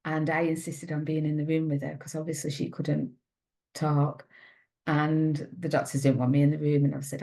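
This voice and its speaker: A middle-aged woman, a mother, giving an earnest, halting personal account in an interview. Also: deep voice, level tone, gravelly, dark tone. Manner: earnest, halting, with many restarts. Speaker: mother of a patient, interview guest.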